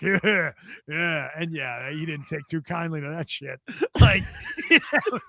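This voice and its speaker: A man's voice: fairly high pitch, takes it slowly, creaky, no room sound, studio quality. A man guest on a podcast telling a story in casual chat, laughing often and acting out what others said. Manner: animated storyteller, laughs often, acts out quotes.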